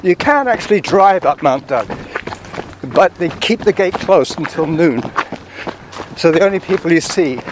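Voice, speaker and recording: A man's voice: on the high side, lively intonation, moderate pace. A man hosting a casual chat outdoors on a mountain trail, telling stories and laughing often. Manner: chatty, laughs often at his own stories. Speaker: podcast host. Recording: outdoor recording with clear background noise.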